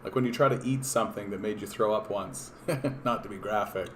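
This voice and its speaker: A man's voice: fairly low pitch, brisk, fairly bright tone, a little hiss or hum. A man from Canada hosting a political livestream, talking in a casual, rambling, profane and sardonic way with lots of fillers and restarts.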